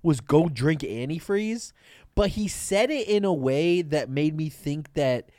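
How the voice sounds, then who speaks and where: A man co-hosting a comedy podcast, rambling through absurd bits with halting fillers and a deadpan tone. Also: on the high side, no room sound, clean studio sound. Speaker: podcast co-host. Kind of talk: casual comedic chat.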